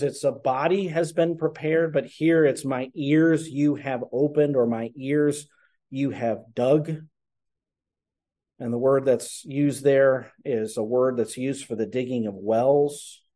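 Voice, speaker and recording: A man's voice: medium pitch, dark tone. A man preaching a sermon, explaining scripture earnestly and posing rhetorical questions to his congregation. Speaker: pastor.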